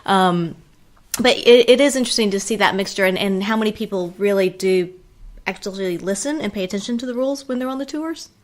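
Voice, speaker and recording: A woman's voice: medium pitch, fairly quick. A woman co-hosting a podcast, chatting in an easygoing, agreeable way and laughing often. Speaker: podcast co-host. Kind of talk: casual chat.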